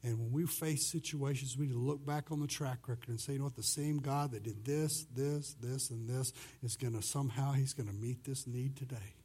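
A pastor preaching a conversational sermon who swings between loud and soft passages and acts out the voices he quotes. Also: medium pitch, fairly even intonation, brisk, few pauses, breathy edge.

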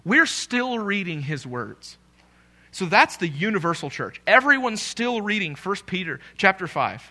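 Man, pastor, live church sermon, lively swooping pitch, playful asides. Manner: animated, joking with the congregation, repeats key phrases slowly for emphasis. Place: church sanctuary, live preaching.

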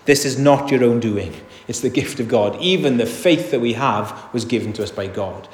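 Earnest preacher in an echoey church. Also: male voice, mid-range voice, darkish tone. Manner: earnest, emphatic, rhetorical questions. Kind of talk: sermon. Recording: echoey hall reverb.

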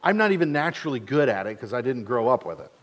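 Speaking fast with lively intonation, a pastor of medium pitch delivers his sermon in a large hall. He's in his forties, hails from mid-Michigan, and keeps things casual, teasing himself and dramatizing quotes.

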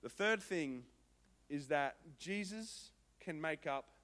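Male pastor, 30s, high bright voice, animated storytelling sermon. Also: slow. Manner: animated, acts out quoted voices, rising to loud exclamations.

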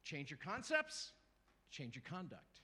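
A middle-aged man preaching a sermon to a church congregation, lively and joking, acting out little voices and calling out to the crowd. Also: a little high, a little slow, breathy edge. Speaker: guest preacher.

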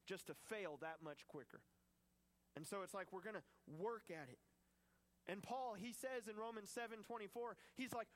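A man preaching a sermon, animated and acting out the voices in the scripture he tells. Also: high-pitched, moderate pace.

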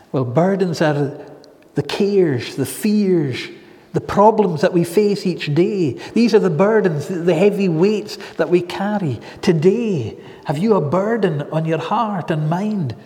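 Man preaching, fairly high voice, very slow and earnest, long hall reverb. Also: darkish tone. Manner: earnest, slow and measured with emphatic pauses. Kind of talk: sermon.

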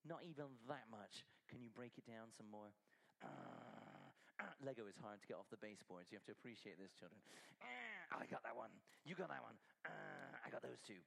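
A man's voice: medium pitch, animated, normal speed, vocal fry, a bit bright, rough recording. A man preaching at a church service, leading a children's object lesson with exclamations and questions to the congregation. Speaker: pastor.

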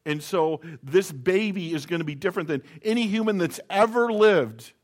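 A man's voice: high-pitched, animated, moderate pace. A middle-aged man preaching a sermon, reading scripture aloud and explaining it in a conversational way with stories from home. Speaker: pastor.

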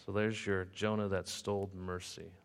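A man's voice: low-pitched, flat delivery, normal speed, gravelly, clean tone. A male pastor preaching a sermon and telling a story in sing-song rhyme. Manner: rhythmic, sing-song rhyming delivery. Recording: long reverb of a hall.

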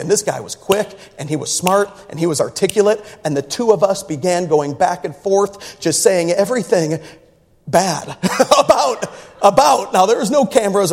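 A man preaching, telling a story with laughter and swings from low grumbling to loud shouts. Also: slightly rough. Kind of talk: sermon story. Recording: reverberant hall.

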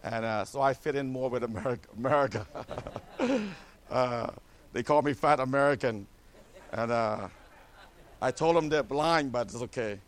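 A man's voice: medium pitch, normal speed, slight background noise. A middle-aged man from Cambodia, a missionary pastor giving a church a joking mission update full of "amen?" asides.

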